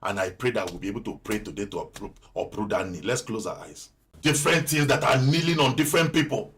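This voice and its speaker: A male pastor preaching a sermon, repeating phrases and building into impassioned, at times shouted prayer. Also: on the low side, fast talker.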